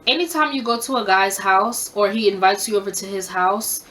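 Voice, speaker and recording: A young woman in her twenties talks straight to her viewers in a storytime vlog. Her voice sits at a medium pitch. She is blunt and salty, and she hammers each piece of advice home by saying it again. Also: normal speed, bright, forceful tone. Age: 20s. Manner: blunt, profane, repeats advice for emphasis. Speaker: storytime vlogger. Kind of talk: casual storytime monologue.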